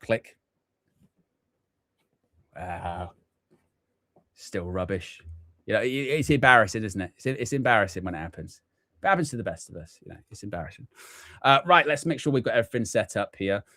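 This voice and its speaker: A man's voice: medium pitch, animated, quick pace, pushed and bright, no echo. A man hosting a live football fan watchalong, chatting and thinking aloud as he sets up his stream. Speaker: fan channel host.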